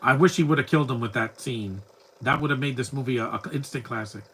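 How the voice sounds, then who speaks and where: A man's voice: medium pitch, quick pace, fairly bright tone, a little hiss or hum, low-quality recording. A man giving live, rambling commentary over a movie, talking back at the screen bluntly and often stumbling over repeated words. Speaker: film commentator.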